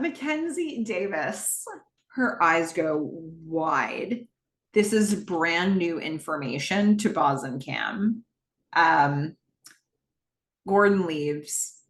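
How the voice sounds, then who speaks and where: A woman hosting a podcast, recapping a TV episode in a chatty way with laughing asides. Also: fairly low pitch. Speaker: podcast host. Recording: roomy echo.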